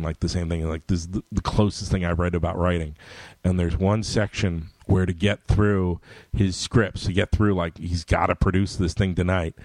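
A middle-aged man with a deep voice, a comic book writer, shares stories in relaxed conversation. He breaks into loud voices for the lines he quotes, and the recording is dry.

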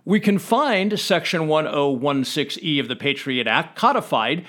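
Guy walking through law text, pitch bouncing all over, slightly high voice, reads quotes out carefully. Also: expressive, fairly bright tone. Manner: measured, emphatic, quoting statutes aloud. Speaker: podcast host explaining law. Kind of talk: scripted explainer reading legal text.

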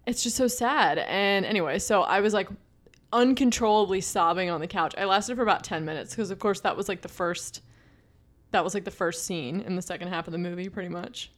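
A woman's voice: medium pitch, brisk. A young woman co-hosting a podcast in casual chat, talking in a chatty way with many fillers and restarts. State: pregnant. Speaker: podcast co-host.

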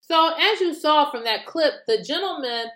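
A fairly high-voiced American woman delivers casual opinion commentary in an echoey room. She is animated and indignant and keeps firing rhetorical questions with mocking asides. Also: normal speed. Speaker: political commentary vlogger.

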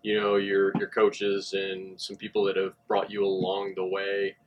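A man hosting a casual interview, relaxed and encouraging as he steers the talk back to the guest's story. His voice sits fairly low. A faint background noise runs underneath. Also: a little slow, dull audio.

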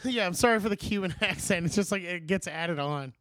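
A man's voice: high voice, a little fast, fairly bright tone. A young man in casual chat, rambling and swearing as he retells movie scenes. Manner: rambling, profane, quotes movie lines in put-on voices.

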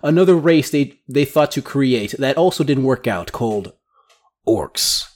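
A man narrating as game master in a tabletop game, describing scenes briskly with small stumbles. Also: medium pitch, lively intonation, darkish tone.

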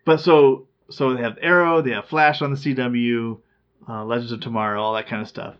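A man's voice: medium pitch, fairly even intonation, fairly quick. A man in casual chat, rambling and chatty, often laughing at his own stories. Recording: slightly dull lo-fi sound.

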